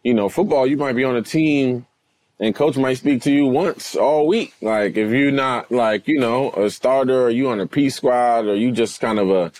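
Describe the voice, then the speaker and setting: Slangy, animated man on a golf podcast. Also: medium pitch, moderate pace, no echo. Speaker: podcast guest, former NFL player. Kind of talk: casual chat. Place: golf course outdoors.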